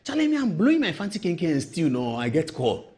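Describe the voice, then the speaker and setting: A Ghanaian male host in middle age tells stories with great emphasis and slips into the voices of the people in them. His voice is a little high and somewhat husky. His pitch swings widely as he talks. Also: wildly swooping pitch, brisk, a little mellow. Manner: storytelling, acts out voices, emphatic. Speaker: show host. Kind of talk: animated political commentary.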